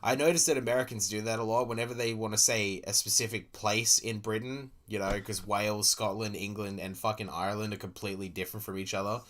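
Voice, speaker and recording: A man's voice: lowish voice, fairly even intonation, fast, hardly any pauses, fairly bright tone. A young Australian man streaming, ranting casually and profanely with sarcastic asides while reacting to a video.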